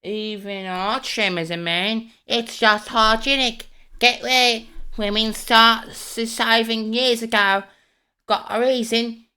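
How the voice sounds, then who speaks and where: A woman in a played clip speaking slowly and emphatically in disapproval. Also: on the high side, fairly even intonation, bright, forceful tone, clear, resonant tone.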